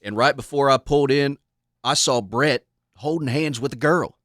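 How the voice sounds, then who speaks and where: A man's voice: normal speed, fairly bright tone, no echo, studio quality, close to an everyday voice. A man playing Paul Wayne, a melodramatic, mournful co-host of a small-town sports radio show. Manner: melodramatic and mournful, big swings in pitch.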